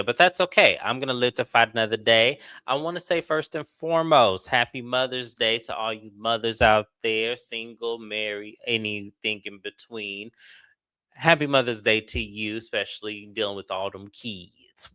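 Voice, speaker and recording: A man hosting a casual reality TV recap, blunt and animated, full of slang. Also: medium pitch, no room sound. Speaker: reality TV review host.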